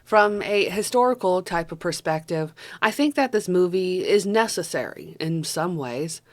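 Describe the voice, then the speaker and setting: Low-voiced casual woman reviewing a film. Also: expressive, normal speed. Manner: chatty, self-correcting, with fillers and casual swearing. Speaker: movie reviewer.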